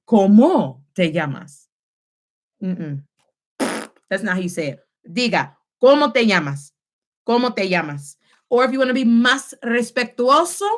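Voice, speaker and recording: Her voice a little high, a young adult instructor runs an upbeat live Spanish lesson online. She has learners repeat after her, shifting back and forth between the two languages.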